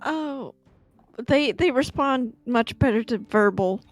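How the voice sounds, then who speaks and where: Slow-talking woman player. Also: fairly high pitch, animated, faint music behind. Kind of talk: casual game chat.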